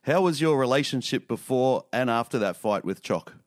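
A man's voice: mid-range voice, animated, normal speed, no room sound, studio quality. Wry male radio host. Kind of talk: radio interview questions.

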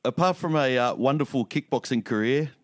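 A man's voice: mid-range voice, brisk, no echo, studio quality. A man hosting a radio interview, setting up his questions in a wry way. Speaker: radio host.

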